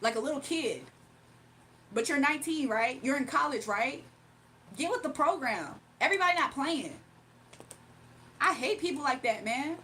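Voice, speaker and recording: A woman's voice: high voice, expressive, normal speed, pauses often, pushed and bright, a little hiss or hum. A woman hosting a livestream in a casual, blunt, scolding manner. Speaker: livestream host.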